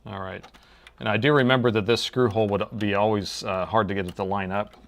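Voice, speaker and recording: A man's voice: lowish voice, fairly even intonation, fairly quick, slight background noise. A man chatting casually with his live-stream viewers while he repairs a laptop, talking to himself as he works.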